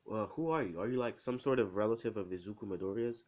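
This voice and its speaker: Dude putting on a pushy lady reporter firing questions, lowish voice. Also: fast, a little mellow, lightly acted. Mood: insistent. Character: insistent female news reporter.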